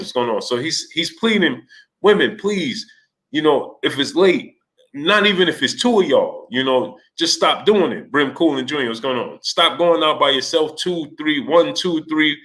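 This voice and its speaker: Bright-voiced man hosting a casual livestream. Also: mid-range voice. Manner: greets chat viewers by name, rising to exasperated outbursts. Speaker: livestream host.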